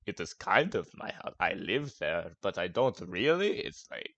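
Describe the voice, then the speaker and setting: A man voicing an excitable, drunken male man-child who shouts and rambles. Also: low-pitched, moderate pace, no room sound, lo-fi sound, voice pushed down, full character voice. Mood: rambling.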